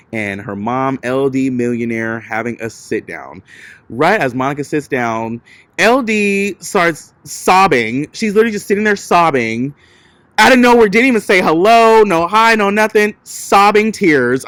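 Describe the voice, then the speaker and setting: A man's voice: on the high side, a bit bright, dry recording. A man giving a chatty, sassy recap of a reality TV episode, with lots of casual filler words. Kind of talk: casual gossipy commentary.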